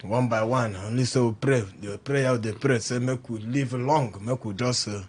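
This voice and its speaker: A man's voice: medium pitch, fairly even intonation, normal speed, husky. A man with a Nigerian Pidgin accent co-hosting a radio show, bantering and joking in Pidgin English. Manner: jokey, laughing, loud announcer bursts. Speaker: radio co-host.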